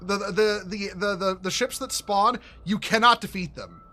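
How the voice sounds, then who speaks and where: A man giving casual, rambling commentary while playing a game, excitable and swearing, often restarting his sentences. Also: high-pitched, moderate pace. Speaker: gaming streamer.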